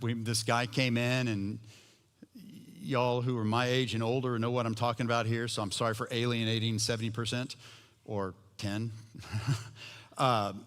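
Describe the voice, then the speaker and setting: Pastor preaching in a reverberant hall. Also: male voice, mid-range voice, fairly bright tone. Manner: storytelling, conversational with humor. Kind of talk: sermon. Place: church sanctuary.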